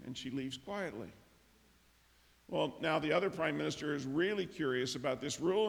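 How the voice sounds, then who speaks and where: A man preaching a sermon as pastor, telling stories and acting out the characters' lines with lively emphasis. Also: on the high side, vocal fry. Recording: long reverb of a large hall.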